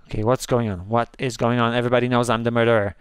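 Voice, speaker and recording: Excitable male game host, smooth crisp voice, dry close sound, jumps between calm chat and high squeals. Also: racing, no room sound. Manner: jumpy, gasping and squealing when scared. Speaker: gaming video host. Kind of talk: excited let's-play commentary.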